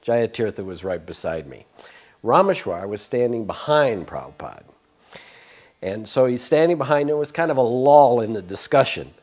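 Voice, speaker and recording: A man's voice: medium pitch, very animated, normal speed, a little mellow. An older man in a casual interview, telling a long personal story with many fillers, restarts and chuckles. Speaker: devotee sharing memories.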